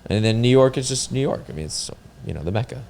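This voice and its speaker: A man's voice: medium pitch, animated, fast, creaky, darkish tone, a little hiss or hum. A man hosting a casual chat with fellow comedians, rambling and repeating words as he thinks aloud. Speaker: podcast host.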